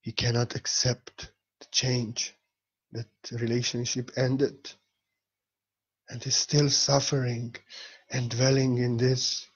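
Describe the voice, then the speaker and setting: A man's voice: mid-range voice, little pitch movement, slow, slightly rough, lo-fi sound. A man giving an earnest spiritual talk in a vlog, repeating key phrases for emphasis. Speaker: spiritual teacher.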